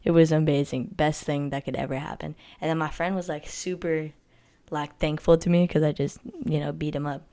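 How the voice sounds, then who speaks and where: A woman's voice: low-pitched, fairly even intonation, fairly quick, dark tone. A teenage girl telling a story-time vlog in casual, rambling speech full of "like", blunt and boastful. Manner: rambling, filler-heavy with constant "like".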